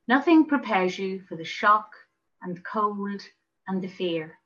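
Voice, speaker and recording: A woman's voice: mid-range voice, a bit bright, lo-fi sound, lightly acted. A woman reading the part of a young wounded English soldier, telling his story in a plain, matter-of-fact way.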